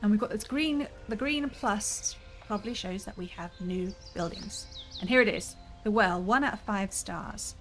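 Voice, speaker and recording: A woman's voice: mid-range voice, moderate pace, a bit bright. A woman streaming a cozy building game, chatting with viewers and thinking aloud as she plays. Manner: chatty, musing aloud, frequent laughs. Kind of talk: casual gameplay commentary. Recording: game music playing behind.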